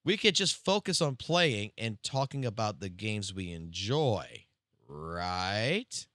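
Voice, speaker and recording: Profane, bright-voiced male streamer. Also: lowish voice, unhurried, no echo, clean studio sound. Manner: profane, animated anecdote-telling. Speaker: game streamer. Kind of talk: live-stream storytelling.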